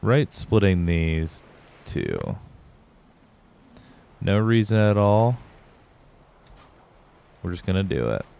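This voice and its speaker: A man's voice: low voice, very animated, slow, vocal fry, pauses often, a little mellow, smooth. A young man streaming a video game live, chatting loosely with viewers, rambling and swearing freely. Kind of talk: casual gaming livestream chat.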